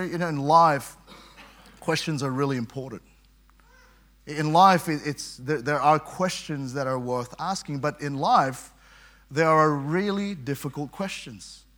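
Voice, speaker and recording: Male preacher with a bright, slightly high voice, stumbling over repeated words as he explains scripture. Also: takes it slowly. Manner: conversational preaching with frequent repetitions and quoted scripture. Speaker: pastor. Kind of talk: sermon.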